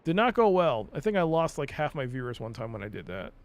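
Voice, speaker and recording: A man's voice: mid-range voice, sing-song, brisk. A young man streaming a game live, rambling and mocking himself as he talks to himself and his chat, full of fillers. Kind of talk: casual live-stream commentary.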